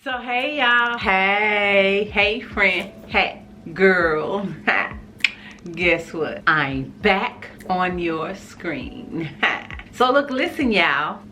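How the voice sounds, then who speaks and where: A woman's voice: mid-range voice, extremely slow, bright, forceful tone, soft background music. A woman vlogger telling a storytime to camera in a casual, chatty way, often calling out to her viewers and laughing. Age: adult with a school-age son.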